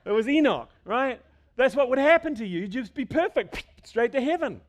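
A middle-aged man preaching a sermon, swinging between loud emphasis and hushed asides, with restarts and rhetorical questions. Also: very high-pitched, expressive, a little fast. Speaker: pastor.

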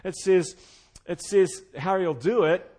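Earnest preacher man, fairly high voice. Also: slow. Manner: swings from loud fervent emphasis to quiet intimate tones. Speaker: pastor. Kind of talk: expository sermon.

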